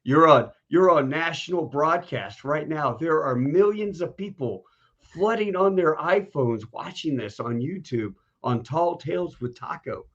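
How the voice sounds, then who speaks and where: Animated storytelling man, dull audio. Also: a little high, unhurried. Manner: animated, folksy, acts out quoted voices. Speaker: podcast host. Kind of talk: casual storytelling chat.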